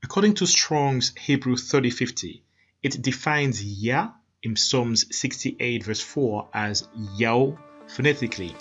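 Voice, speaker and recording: A man narrates a documentary in a measured, explanatory voice with a touch of huskiness. The sound is dull and a little muffled, and faint music plays underneath. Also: medium pitch, lively intonation, a bit bright, breathy edge.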